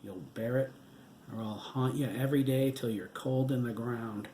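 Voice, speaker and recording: A man's voice: medium pitch, moderate pace, dark tone, reverberant, slight background noise, lightly acted. A man voicing the stern, unforgiving ghost of a dead husband in an audiobook, mocking and cold.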